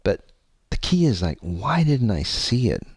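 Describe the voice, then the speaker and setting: A man's voice: fairly low pitch, very animated, measured pace, husky, no echo. A man hosting his own podcast, telling a personal story in a candid, meandering way, swearing freely and using many fillers. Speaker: podcast host.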